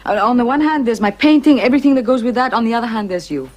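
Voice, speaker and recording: A woman's voice: a little high, animated, a little mellow. An actress playing an earnest artistic woman arguing with the man she is seeing, in a 1980s TV drama. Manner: earnest, pleading, quick-spoken.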